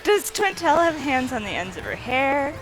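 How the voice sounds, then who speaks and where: A woman's voice: sits high, big pitch swings, normal speed, loud music behind the voice, poor audio. A woman making brief, giggly remarks as a shy guest on a game stream. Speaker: guest co-player. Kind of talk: casual chat over gameplay.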